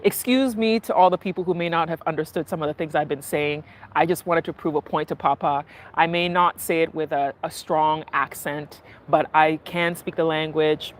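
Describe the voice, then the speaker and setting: A woman vlogger chatting casually while riding in a car, telling stories in a lively way. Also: sits low, normal speed. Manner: animated storytelling, acting out market sellers and her mother. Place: inside a moving car.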